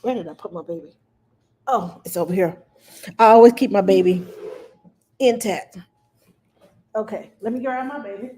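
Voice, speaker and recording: A middle-aged nanny hosting a casual live stream, her voice pitched in the ordinary middle range for a woman. She chats with viewers, greets them by name, and walks through her advice one step at a time. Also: normal speed, pauses often, mellow. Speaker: nanny giving parenting advice.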